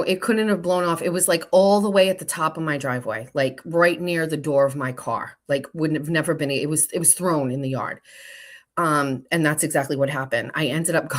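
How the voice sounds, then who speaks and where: A woman's voice: sits low, fairly quick. A woman hosting a show, telling a casual story to her viewers, chatty and swearing freely and often breaking off to talk to others in the office. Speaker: show host. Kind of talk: casual storytelling to a live audience.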